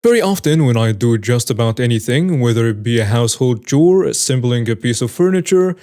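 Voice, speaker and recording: A man's voice: medium pitch, animated, fairly quick, dark tone. A man reading online stories aloud and adding wry, amused commentary of his own. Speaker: story narrator.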